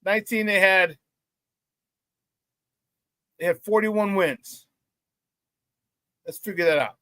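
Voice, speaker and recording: A man hosting a casual sports talk show, telling stories excitedly with many restarts and repeated words. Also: high-pitched, takes it slowly, no room sound.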